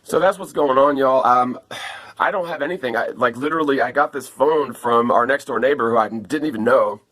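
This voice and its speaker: Brief: man in a phone-recorded vlog, mid-pitched, rambling and cursing, calling everyone "man" and "dude", shaken and pleading. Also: fairly quick, fairly bright tone. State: upset after an attack. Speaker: vlogger asking viewers for help. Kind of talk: casual to-camera vlog. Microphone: phone camera.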